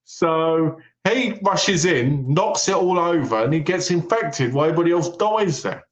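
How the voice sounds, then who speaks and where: A man co-hosting a film podcast, his voice sitting a little high. He retells movie plots with energy, acting out the characters' lines as he goes. The recording has a roomy, echoey sound. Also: expressive, moderate pace. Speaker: podcast co-host. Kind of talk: casual film review chat. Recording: echoey room.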